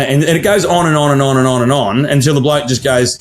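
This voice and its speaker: A mid-pitched Australian man rants through a story in casual podcast chat, swearing freely. He slips into the voices of the people he quotes. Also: fast, hardly any pauses. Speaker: podcast co-host.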